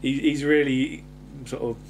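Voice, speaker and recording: A man's voice: medium pitch, steady tone, a little slow, slight background noise. A man co-hosting a podcast in casual chat, joking and restarting his sentences as he goes. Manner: chatty, jokey, trails off and restarts. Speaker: podcast co-host.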